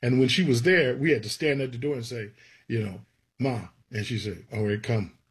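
Slightly rough and medium in pitch, a man's voice moves at a moderate pace as he tells stories from his life. He's a gospel songwriter in an interview, animatedly acting out whoever he quotes.

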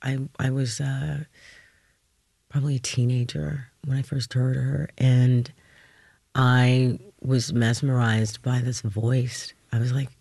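A man's voice: medium pitch, flat delivery, slow, vocal fry, darkish tone, husky, dry recording. A man who sings on stage, talking as an interview guest, thoughtful and searching for words. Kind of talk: casual interview talk. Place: radio studio. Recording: dry studio sound.

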